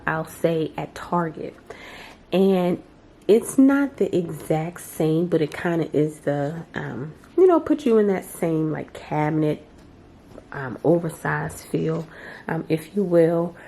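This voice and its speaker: A woman with a slightly low, mellow voice gives a casual home tour of her living room. She is relaxed and chatty and keeps turning to her viewers with a friendly "y'all". Her delivery stays warm and easygoing throughout. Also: slow pace, a little hiss or hum. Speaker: home decor vlogger.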